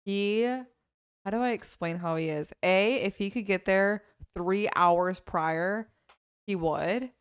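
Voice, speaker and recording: A woman's voice: mid-range voice, slow, smooth, dry recording, clean studio sound. A young woman co-hosting a podcast in casual chat, with a blunt, teasing manner. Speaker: podcast co-host.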